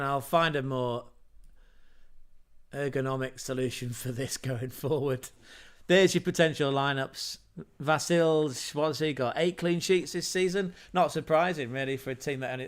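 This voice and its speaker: A man's voice: medium pitch, clean tone. A man hosting a casual football livestream, chatty and rambling, with self-mocking asides. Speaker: football podcast host.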